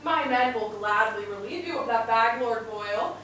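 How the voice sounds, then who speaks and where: Woman cast as a sneering male redcoat officer, bright, sharp voice, distant echoey hall. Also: fairly high pitch, moderate pace, a little hiss or hum, lightly acted. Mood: contemptuous. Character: scornful male British redcoat lieutenant. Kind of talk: stage play reading.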